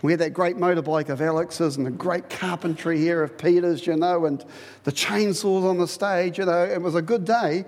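A man preaching a sermon in a lively, conversational way, repeating phrases for emphasis. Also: high voice, normal speed, long reverb tail. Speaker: pastor.

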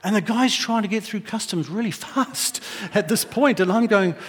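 A pastor preaches in a high voice for a man. He tells his stories in a lively, humorous way. His sermon rings with the long echo of a large hall. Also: moderate pace, husky. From New Zealand. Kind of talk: sermon with personal anecdotes. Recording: echoey hall.

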